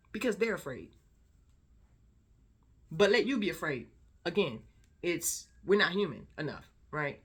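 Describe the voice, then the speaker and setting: A woman talks straight to camera in a casual vlog, pressing her points hard and repeating words for weight. Her voice is bright and forceful, with a mid-range pitch. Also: husky. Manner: emphatic, repeats words for stress. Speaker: vlogger.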